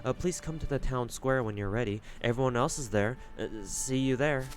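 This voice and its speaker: A man voicing a timid young fairy, soft-spoken and stammering, reading game dialogue aloud. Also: medium pitch, a little fast, soft background music, natural voice. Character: timid young fairy afraid of being useless.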